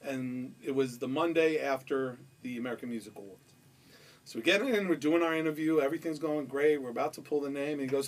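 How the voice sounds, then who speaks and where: A man from Queens with a New York accent, telling a story on a podcast in an animated, profane way and acting out the quotes. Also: medium pitch, fairly quick, far from the mic. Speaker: podcast guest. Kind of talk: casual storytelling.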